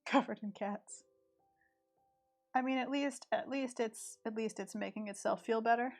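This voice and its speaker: A woman with a rural East Tennessee accent talks casually while she draws on a live stream. She thinks aloud in a slightly high voice. Quiet music plays faintly in the background. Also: steady tone, moderate pace.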